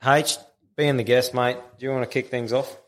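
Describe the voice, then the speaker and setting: A man's voice: medium pitch, little pitch movement, normal speed, a bit bright. A man with an Australian accent hosting a casual podcast, swearing and calling his guests mate and bro. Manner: blokey, swears, calls people bro and mate. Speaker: podcast host.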